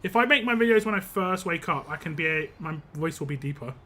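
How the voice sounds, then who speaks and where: A man's voice: on the high side, expressive, fast, sharp tone. A young man streaming a game live, chatting casually with viewers, rambling and laughing often.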